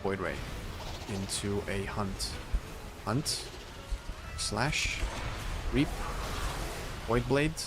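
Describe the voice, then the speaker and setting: A young man giving live gameplay commentary, excitable, chanting and shouting at the game. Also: fairly low pitch, very slow, pauses often, background noise. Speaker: game streamer. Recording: faint music behind.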